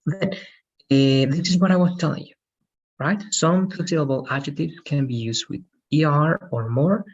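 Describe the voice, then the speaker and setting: A man's voice: fairly high pitch, moderate pace, slightly rough, muffled recording. A man teaching an English grammar lesson online, checking in with "right?" after almost every sentence.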